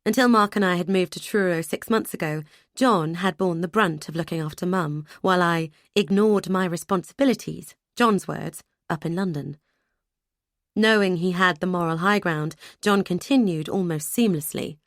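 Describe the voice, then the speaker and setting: A woman narrating a first-person audiobook in a measured way, with lively dialogue. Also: on the low side, no room sound, studio quality.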